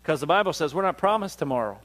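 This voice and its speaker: A male pastor, preaching a sermon, swinging from loud, high peaks down to low, quiet stretches and calling for "amen" from the room. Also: lively intonation, fast talker. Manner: call-and-response preaching, rises to loud peaks then drops low.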